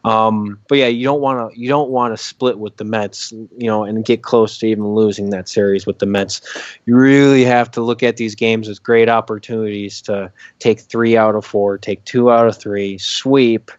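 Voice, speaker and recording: Brief: young male co-host, lowish voice, dry muffled home mic, halting filler-heavy delivery. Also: level tone, no room sound. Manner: hesitant, many fillers. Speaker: podcast co-host. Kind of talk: casual sports talk.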